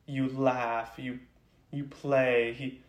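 A man's voice: mid-range voice, little pitch movement, drawn-out words, reverberant. A man co-hosting a casual podcast chat, playful and teasing, rambling through made-up scenarios. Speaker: podcast co-host.

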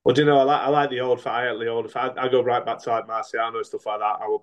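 A middle-aged man, a boxer turned coach, speaking in a mid-pitched voice. He talks frankly in a loose, rambling way, often restarting his sentences and leaning on fillers as he tells his story. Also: level tone, very fast, highs cut off. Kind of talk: casual interview talk.

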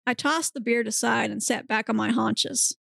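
A woman's voice: a little high, steady tone, normal speed, gravelly, a bit bright, no room sound, clean studio sound. A woman podcast host narrating a story aloud in a comedic reading, straight-faced with occasional giggles. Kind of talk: comedic reading of erotic fiction.

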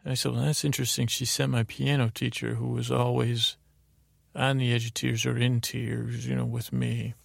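Gravelly guy rambling a sleepy bedtime story, lots of uhs, super flat delivery. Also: mid-range voice, moderate pace, no room sound, clean studio sound. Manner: meandering, full of fillers and restarts. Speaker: podcast host.

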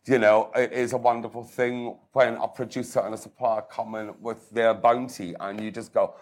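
An older chef and cookery writer speaks in a conversational interview with enthusiasm and self-deprecating humour. His lowish, darkish voice holds a steady tone at normal speed with few pauses.

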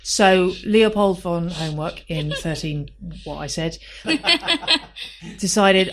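A woman co-hosting a comic chat show, improvising silly made-up history in a playful, deadpan way. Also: lowish voice, slow, long pauses. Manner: playful, spins absurd mock-history with a straight face. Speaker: co-host.

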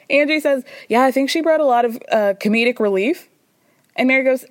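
A woman's voice: high voice, brisk, dry recording. A woman hosting a podcast, recapping reality TV in a gossipy, storytelling way and acting out quotes. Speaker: podcast host.

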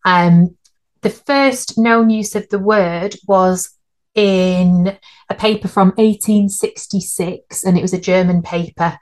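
A woman's voice: mid-range voice, fairly even intonation, takes it slowly, a little mellow. A woman, co-hosting a podcast in casual chat and laughing at her own slips. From United Kingdom. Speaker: podcast co-host.

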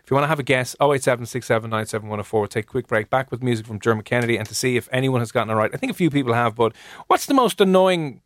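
An Irish man hosting an evening radio show, chatting and teasing in quick banter. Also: mid-range voice, animated, fairly bright tone, no echo. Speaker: radio host. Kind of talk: casual radio chat.

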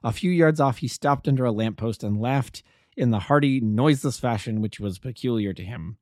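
An amateur male narrator reading a classic detective story aloud, in a measured storytelling manner. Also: mid-range voice, a little mellow, no room sound, studio quality. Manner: measured storytelling, voices the characters.

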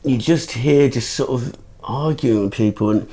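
A man, a comedian guest on a podcast, telling stories in casual chat with lots of swearing and quick asides. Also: medium pitch, dark tone.

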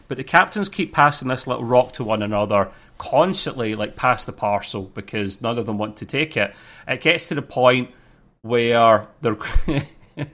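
A man's voice: fairly low pitch, fairly bright tone. A man co-hosting a casual review podcast, recapping an episode in an easygoing, chatty way. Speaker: podcast co-host.

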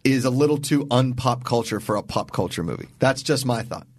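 A man's voice: medium pitch, expressive, a little fast, no room sound, studio quality. A man co-hosting a podcast in casual chat, rambling and joking as he talks through films and actors. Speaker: podcast co-host.

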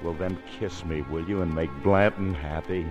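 An actor playing a brash young male dancer who talks in quick, wisecracking slang, in 1940s radio acting. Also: low-pitched, fairly even intonation, over music, close to an everyday voice.

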